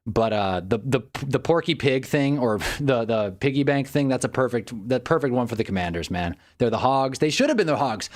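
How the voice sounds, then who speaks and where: A man chats casually on a live stream with a middle-pitched voice. He rambles loosely, reacts to whatever he's scrolling through, and talks straight to his viewers with frequent laughs. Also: lively intonation, normal speed. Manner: talks to chat while browsing online.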